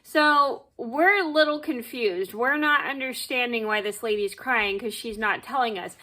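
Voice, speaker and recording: A woman's voice: fairly high pitch, unhurried, bright, forceful tone. A young woman telling a rambling, repetitive work story as a casual storytime vlog at home, padding it with "blah, blah.".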